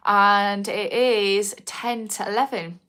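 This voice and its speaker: Her voice sits mid-range, fairly even in intonation, slow, sharp-toned and smooth. She is an addiction recovery coach with a North East English accent, rambling through a live stream chat in response to comments and restarting often.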